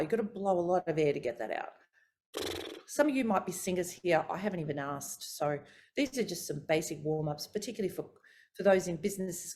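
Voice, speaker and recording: A middle-aged woman vocal coach teaching a workshop, talking through voice warm-ups with expressive, demonstrative delivery. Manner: expressive, demonstrates pitch and articulation.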